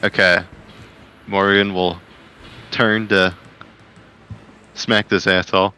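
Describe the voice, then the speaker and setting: A man playing a tabletop game on an online call, speaking casually with halting restarts. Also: deep voice, flat delivery, sharp tone, slight background noise. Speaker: player. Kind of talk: casual chat.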